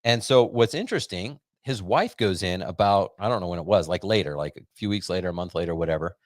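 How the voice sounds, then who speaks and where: Upbeat rambling American man, low and dry. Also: expressive, quick pace, dry recording. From United States. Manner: rambling and upbeat, heavy on fillers. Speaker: podcast host. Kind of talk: casual monologue to a live audience.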